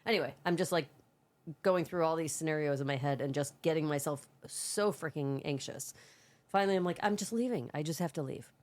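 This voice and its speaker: A woman's voice: sits low, fairly quick. A woman co-hosting a podcast, telling a long, rambling story in casual chat. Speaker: podcast co-host.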